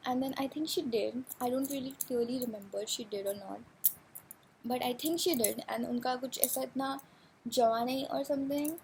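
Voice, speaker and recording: Brief: young Indian-accented woman, casual storytime vlogger, higher voice with vocal fry, blunt and sweary. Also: steady tone, quick pace, darkish tone, slight background noise, poor audio. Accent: Indian English. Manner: chatty, swears freely, mixes in Hindi.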